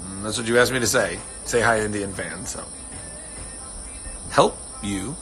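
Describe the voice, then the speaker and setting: A man's voice: on the low side, a little slow, pauses often, a bit bright, soft background music. A man hosting a casual livestream, rambling earnestly and swearing freely as he answers fans. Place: home on a ranch.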